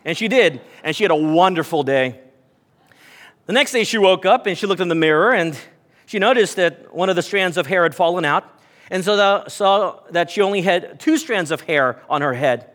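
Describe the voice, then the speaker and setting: A man's voice: high-pitched, expressive, moderate pace, fairly bright tone, big-room sound. A man preaching a sermon to his congregation, telling stories and reading scripture aloud. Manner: storytelling, reads scripture aloud, addresses congregation. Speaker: pastor.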